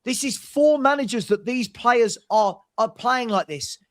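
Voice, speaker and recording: A man hosting a live football watchalong, angrily ranting with rapid rhetorical questions and swearing. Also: very high-pitched, a bit bright. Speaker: watchalong host. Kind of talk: heated live-stream football rant.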